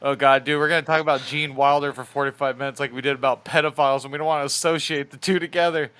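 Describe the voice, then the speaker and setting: A man's voice: mid-range voice, fairly even intonation, quick pace, fairly bright tone, smooth. A man co-hosting a podcast in casual chat with friends, joking, laughing often and swearing freely. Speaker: podcast co-host.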